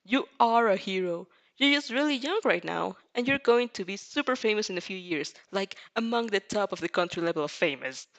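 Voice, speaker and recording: A woman's voice: mid-range voice, animated, brisk, few pauses, fairly bright tone. A woman doing a gushing flustered young fan. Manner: gushing, giggly.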